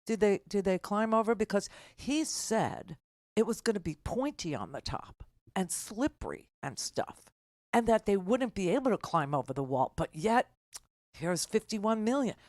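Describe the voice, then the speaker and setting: A woman's voice: medium pitch, very animated, measured pace, darkish tone, dry recording, clean studio sound. An older woman hosting a political talk radio show, telling a story in a rambling, sarcastic way with many restarts.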